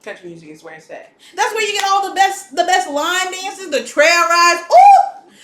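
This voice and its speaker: An American woman co-hosting a podcast, chatting casually in a playful, animated way. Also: extremely high pitch, normal speed, reverberant. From United States. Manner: animated, playful, bursts into song. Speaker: podcast co-host. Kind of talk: casual chat.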